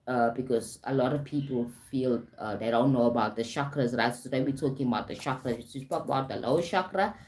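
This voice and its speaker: A woman's voice: rumbling low, darkish tone. A woman with a South African accent, a life coach talking on a live stream, often adding "right?" and "okay?" and greeting viewers.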